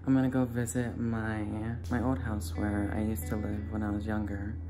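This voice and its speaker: A man's voice: lowish voice, completely flat delivery, moderate pace, music in the background. A young man from Florida vlogging casually while driving past old haunts, gushing and nostalgic, repeating himself. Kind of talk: casual vlog, driving tour. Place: car.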